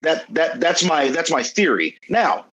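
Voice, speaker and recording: A young adult man hosts a casual podcast. His pitch swings widely and expressively, and he speaks in an earnest, emphatic way, often repeating phrases to drive home a point. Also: sing-song, measured pace, fairly bright tone, slightly rough, rough recording. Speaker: podcast host.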